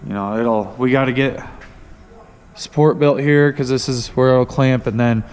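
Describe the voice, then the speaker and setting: A man with a medium-pitched, darkish voice gives a casual walkthrough of his truck build in a workshop at normal speed, rambling with many fillers and restarts while hiccuping. The audio is poor and sounds like a large hall.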